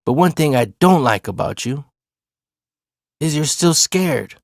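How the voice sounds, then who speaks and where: A man putting on his old high school basketball coach, blunt and insistent, swearing at times while he lectures. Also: expressive, a little slow, creaky, no echo, studio quality. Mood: earnest.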